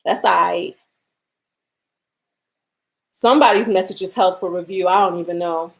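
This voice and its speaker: A woman's voice: fairly low pitch, moderate pace, vocal fry. A woman, hosting a casual livestream giveaway from home, chatting, laughing and reading out viewer comments. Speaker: livestream host running a giveaway.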